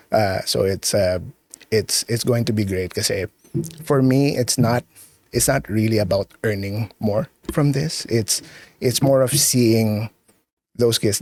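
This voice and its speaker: Earnest Filipino man, low dry voice. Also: darkish tone, dry recording. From Philippines. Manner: earnest, halting, repeats words, mixes in Tagalog. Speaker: podcast guest, founder. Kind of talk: casual interview chat.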